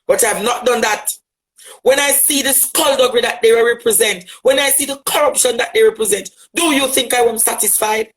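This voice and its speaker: A man's voice: very high-pitched, brisk, a bit bright, poor audio. Fiery Jamaican man in a rant. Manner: fiery, rhetorical, repeats phrases for emphasis. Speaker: LGBTQ advocate. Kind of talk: impassioned monologue addressing a critic.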